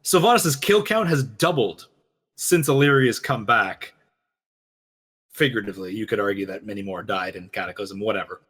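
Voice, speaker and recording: Man, husky voice, rapid lore chat, animated, acts out quotes. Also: fairly low pitch. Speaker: co-host of a game lore reaction show. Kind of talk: casual chat, lore analysis.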